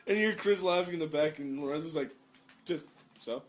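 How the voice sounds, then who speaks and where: A young man co-hosting a casual chat, animated and prone to loud yelling while he tells stories. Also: fairly high pitch, fast talker. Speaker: podcast co-host. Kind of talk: casual chat among friends.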